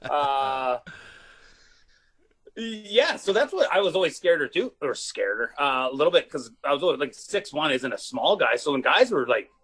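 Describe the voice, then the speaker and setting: A man who is a comedian guest telling rowdy stories in casual chat, animated and swearing, often laughing. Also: a little high, normal speed, breathy edge. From Canada. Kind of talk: casual storytelling.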